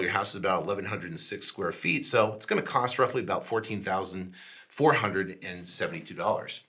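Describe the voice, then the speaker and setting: A man hosts his own podcast with a very bright, forceful voice. He tells the story in a loose, conversational way, full of restarts, and slips into the voices of the people on the phone to act out the calls. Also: on the low side. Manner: animated, acts out both sides of phone calls; frequent restarts and "right?" tags. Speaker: podcast host. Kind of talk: casual storytelling.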